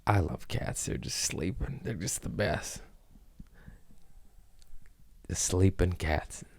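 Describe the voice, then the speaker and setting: Low-voiced man telling profane stories. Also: slow, a little mellow. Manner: profane storytelling with acted-out quotes. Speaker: comedian podcast host. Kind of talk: casual podcast chat.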